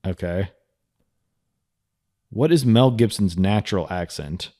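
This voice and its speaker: A man's voice: deep voice, slow, warm tone. A man co-hosting a podcast in casual chat, jokey and rambling, laughing often. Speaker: podcast co-host.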